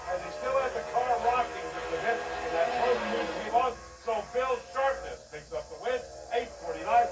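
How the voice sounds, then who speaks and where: A man doing excited play-by-play commentary on drag races for a TV broadcast. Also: very high-pitched. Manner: excited, rapid play-by-play delivery. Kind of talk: race commentary. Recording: echoey, distant TV broadcast audio with noise.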